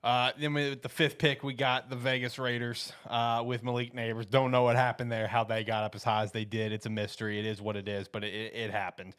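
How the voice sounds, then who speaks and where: A man's voice: mid-range voice, flat delivery, a little fast, few pauses, a bit bright, clear, resonant tone. A man hosting a casual podcast, rambling and laughing often as he runs a mock draft. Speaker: host running a mock draft.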